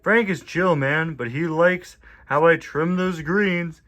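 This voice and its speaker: A man voicing a laid-back hippie male van, talking in a relaxed, easygoing way while reading a comic. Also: on the high side, takes it slowly, voice pushed up.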